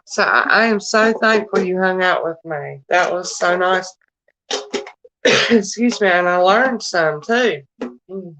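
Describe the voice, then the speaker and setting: Slow-talking Southern woman, lowish voice. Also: bright, forceful tone, poor audio. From United States. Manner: chatty, homey, addresses viewers by name. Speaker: livestream host. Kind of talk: casual live-stream chat.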